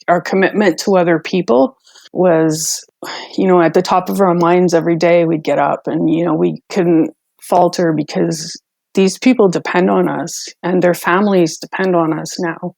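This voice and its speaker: A woman speaks in an interview with a gravelly, creaky voice and a slightly low pitch. She sounds earnest and reflective, and the recording is dry and close. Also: a little mellow, no room sound. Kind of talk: interview recollection.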